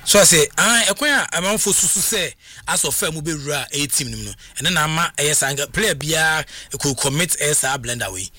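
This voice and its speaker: A man's voice: on the high side, animated, fairly quick, sharp tone, dry recording. A man with a Ghanaian accent hosting a radio sports news segment, talking casually with lots of fillers and restarts. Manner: hesitant, many fillers and restarts. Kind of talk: radio sports news chat mixing Twi and English.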